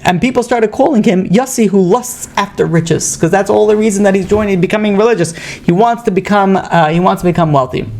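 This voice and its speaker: A man's voice: sits high, a little fast, vocal fry, darkish tone, slight background noise. A man, a rabbi, giving an informal lesson on the Mishnah, speaking conversationally and retelling stories with acted dialogue, often restarting his sentences. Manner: loose phrasing with frequent restarts.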